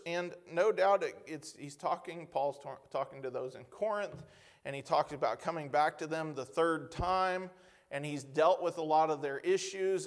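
A man preaching a conversational sermon, asking the congregation rhetorical questions and reading scripture slowly with emphasis. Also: fairly high pitch.

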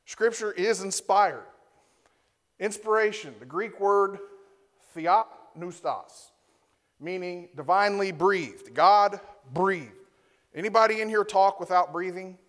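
Male pastor, slightly high voice, teaching sermon, rhetorical asides to the congregation. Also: slow pace, a bit bright. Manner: teaching, often ends points with a rhetorical "right?"; reads Scripture aloud and defines Hebrew and Greek words. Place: church before a congregation.

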